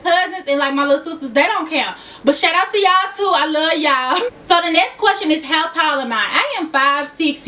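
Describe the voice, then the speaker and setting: A woman's voice: sits high, a bit bright, far from the mic. A woman in her twenties with a Memphis Southern accent, chatting casually and laughing often in a vlog. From Memphis, Tennessee. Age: 20s. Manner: chatty, laughing, addresses viewers as y'all. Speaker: YouTuber.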